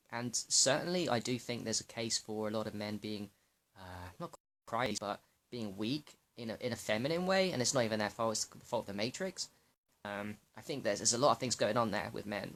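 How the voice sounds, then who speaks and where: A man's voice: medium pitch, a bit bright. A young man talking to camera in a loose, rambling way, swearing freely and often restarting his sentences. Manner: loose, profane and rambling, with many restarts and fillers. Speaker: health vlogger. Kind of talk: casual rambling monologue to camera.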